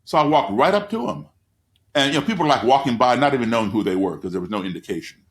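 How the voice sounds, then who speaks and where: A man's voice: medium pitch, quick pace. Brief: American man in his sixties, seasoned storyteller, does voices for the people in his tale. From United States. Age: 60s. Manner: lively storyteller who acts out the people he quotes. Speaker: guest. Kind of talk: storytelling in a conversation.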